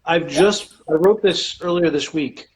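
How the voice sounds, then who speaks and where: A man on a video call, joking and reassuring with his co-host, then reading his own poem slowly. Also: a little high, poor audio. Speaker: co-host and poet on a livestream. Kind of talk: casual livestream chat and poetry reading.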